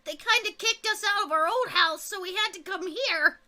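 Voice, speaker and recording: A woman voicing a young female hobgoblin from a sorority, squealing and pleading in rushed, breathless bursts. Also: extremely high pitch, bright, forceful tone, pitched above the performer's own voice, full character voice.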